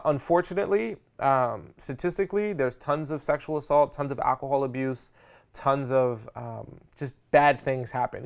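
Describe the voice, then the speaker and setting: A man teaching a live seminar on public speaking, energetic and slangy, often checking in with his audience. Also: mid-range voice. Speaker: speaker coach.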